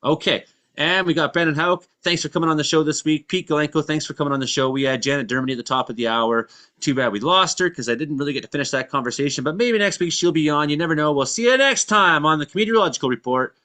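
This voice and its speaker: Canadian guy hosting a live call-in type show, bright voice, rambly, laughs a lot. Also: fairly high pitch, fast talker. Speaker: podcast host. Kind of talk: casual live show chat.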